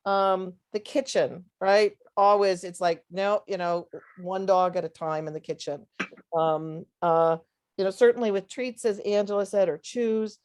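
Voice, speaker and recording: A woman's voice: medium pitch, fairly even intonation, unhurried, a little mellow. A woman who fosters dogs, speaking on a casual webinar panel, hesitant, with many fillers and restarts. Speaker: dog foster volunteer on a panel.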